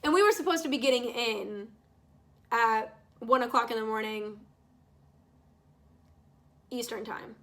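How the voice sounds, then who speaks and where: Her voice is fairly high and fairly bright, a little slow with long pauses. This young vlogger paints while recounting a story in casual talk, cursing freely, exasperated, and performing what others said.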